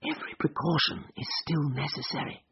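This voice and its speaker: A man voicing a sharp-witted male detective who speaks in a dry, lightly mocking way, on a dull lo-fi recording. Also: high-pitched, expressive, a little fast, creaky, a crowd in the background, pitched above the performer's own voice. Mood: hushed urgent.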